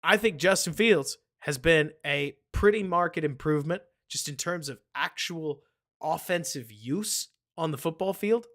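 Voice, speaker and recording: A man hosts a live sports stream in a fairly high voice. He rambles from point to point and answers viewers by name. His delivery stays animated and casual. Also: unhurried. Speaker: host of a live football stream.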